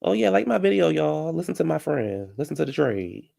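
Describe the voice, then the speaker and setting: Gravelly man ranting about reality TV. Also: on the high side, big pitch swings, a little fast, darkish tone. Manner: heated, ranting, talks straight to the people on the show; reads and answers viewer comments. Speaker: reality TV recap host. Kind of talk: casual live recap and commentary.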